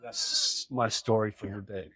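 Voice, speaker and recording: A man's voice: on the low side, wildly swooping pitch, measured pace, bright, forceful tone, slightly rough. A man, a police officer, telling a wry story casually and slipping into other voices when he quotes people. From Seattle area.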